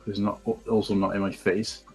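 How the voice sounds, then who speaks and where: A man's voice: lowish voice, little pitch movement, normal speed, breathy edge. A man hosting a casual live stream from home, rambling and greeting viewers by name. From England. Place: home room at night. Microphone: desk mic, no headphones. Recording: faint background music. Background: quiet background music.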